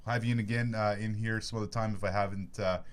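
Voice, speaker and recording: Chatty lower-voiced male sports podcast host. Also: quick pace. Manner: jokey, chatty, animated plugs. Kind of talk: casual sports talk and plugs. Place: studio.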